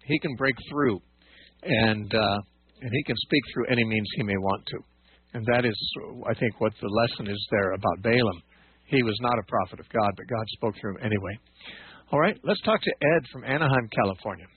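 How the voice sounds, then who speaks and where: This radio Bible teacher and call-in host has a lowish, slightly rough voice and talks a little fast. He patiently explains scripture on his call-in show, often using fillers and starting over, heard through dry, phone-like radio audio.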